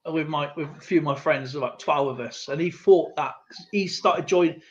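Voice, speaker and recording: A man's voice: fairly high pitch, moderate pace. Chatty man, muffled stream audio. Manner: chatty storyteller, lots of fillers and asides. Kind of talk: casual chat, rambling anecdote.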